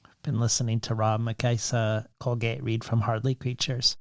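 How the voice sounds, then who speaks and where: Measured man with a gravelly voice. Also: medium pitch, little pitch movement, dry recording, studio quality. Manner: measured, reads quotations and statistics in long questions. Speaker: podcast host. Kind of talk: literary interview.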